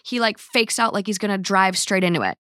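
A woman's voice: medium pitch, a bit bright, no echo, clean studio sound. Woman podcast host, candid and chatty, mid-range voice. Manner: chatty and candid, quick reactions. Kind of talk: casual podcast chat.

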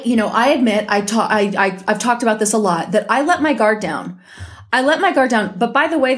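A woman hosting her own podcast from home, talking in a blunt, heated and profane way, still recovering from an illness. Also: medium pitch. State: recovering from illness, may cough. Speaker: podcast host. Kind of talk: casual solo podcast monologue.

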